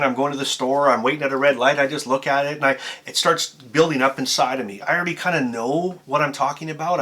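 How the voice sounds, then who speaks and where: A man with a bright, forceful voice gives a to-camera tips video. He talks in an amped-up, emphatic way, with loose fillers and restarts like someone speaking off the cuff. His pitch sits in the middle range for a man. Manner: conversational, with filler words and restarts. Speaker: YouTuber and motivational speaker.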